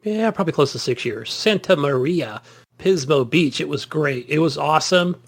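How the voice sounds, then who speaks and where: On a gaming podcast, a middle-aged co-host chats casually, telling stories and laughing at himself. His voice is on the high side and gravelly, animated, at normal speed.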